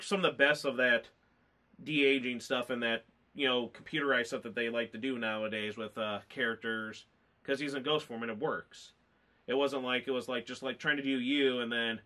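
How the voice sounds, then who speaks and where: A man talks loosely and emotionally, piling on fillers as he goes. His voice is bright and sharp at an ordinary pitch, and he sounds choked up and close to tears. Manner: rambling, emotional, lots of fillers. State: tearful, choked up. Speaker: movie reviewer. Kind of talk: casual chat.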